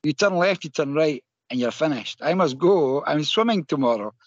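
A woman's voice: sits low, lively intonation, normal speed, husky, no echo, lo-fi sound. A man doing the voice of a cheerful, bouncy German woman runner with a German accent. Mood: brisk, cheerful.

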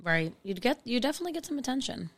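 A woman co-hosting a podcast in laid-back, easygoing chat, quick to laugh. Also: a little high, sing-song. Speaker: podcast co-host. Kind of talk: casual chat.

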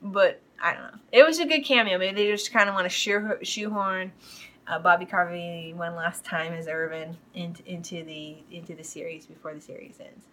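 A woman's voice: lowish voice, steady tone, moderate pace, bright, forceful tone, low-quality recording. A woman hosting a podcast, casually recapping a TV episode in a rambling way, full of fillers. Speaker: podcast host.

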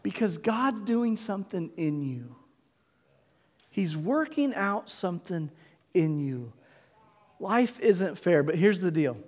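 A middle-aged male pastor preaching a sermon in a church, emphatic, with dramatic pauses and call-and-response. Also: high-pitched, lively intonation, in a large hall. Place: church sanctuary.

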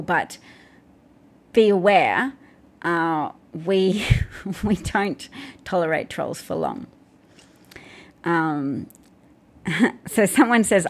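Australian woman hosting a casual live chat. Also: fairly low pitch. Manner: talks in restarts and fillers, dry asides with short laughs. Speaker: live stream host reading comments.

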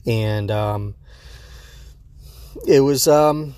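A man hosts a loose, unscripted reaction recap in a middle-pitched voice, rambling along with plenty of fillers and restarts. He sounds a little sleepy. The recording is dry and close, with no room sound. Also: very slow, a little mellow, no echo. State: sleepy, yawning early in the day. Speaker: podcast host reviewing an episode. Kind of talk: casual unscripted reaction commentary.

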